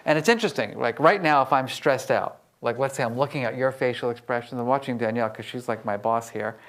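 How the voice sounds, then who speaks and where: A man speaks to a live audience in a storytelling style, his pitch sitting in an ordinary middle range. He talks with lively energy and slips into voices when he quotes other people. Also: fast talker. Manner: lively, acts out quoted dialogue. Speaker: emotional intelligence researcher and speaker. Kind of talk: storytelling public talk.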